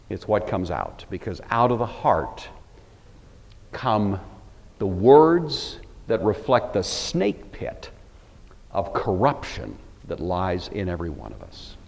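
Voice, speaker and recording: An older Pacific Northwest man teaches a Bible lecture, earnest and emphatic yet sprinkled with wry asides. His mid-range voice is a little mellow, his accent plain regional American, and the sound carries a long reverb tail.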